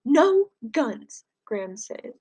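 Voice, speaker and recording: Woman doing a grandmother, elderly, tearful, shouting, high-pitched, storybook reading. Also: big pitch swings, slow, husky, heavily acted. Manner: high, loud and pleading.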